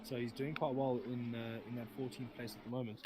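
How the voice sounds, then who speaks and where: A man's voice: mid-range voice, level tone, brisk, noisy background. A man giving live sim racing commentary, rambling, often correcting himself and joking as he goes.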